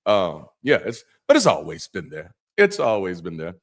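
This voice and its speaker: A man's voice: sits low, wildly swooping pitch, normal speed, vocal fry. Man, ex-pastor, casual livestream chat, profane jokes, loose delivery, restarts his sentences. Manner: loose, profane, joking asides; repeats words and restarts often. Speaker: ex-pastor hosting a Bible study.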